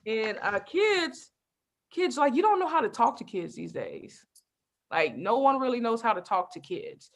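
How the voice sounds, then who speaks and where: A young adult woman doing a stand-up comedy set, telling lively stories with constant asides to the crowd. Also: a little high, unhurried, a little hiss or hum. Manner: lively storytelling with frequent asides and laughs.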